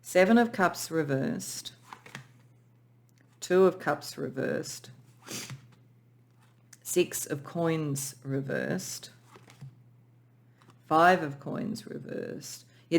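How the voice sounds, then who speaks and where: A tarot reader speaks gently and spiritually through a pick-a-pile reading, and is moved close to tears. Sentences often restart as the reader searches for words, with the voice sitting at a middle pitch. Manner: emotional, soft and spiritual, with many restarts. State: tearful.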